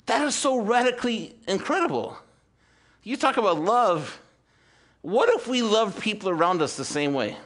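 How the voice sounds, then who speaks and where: Fervent preacher man, higher-pitched. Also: very animated, normal speed. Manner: swings from loud emphatic peaks to quiet intimate asides; rhetorical questions and calls for amen. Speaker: pastor. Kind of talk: sermon. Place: church service with congregation.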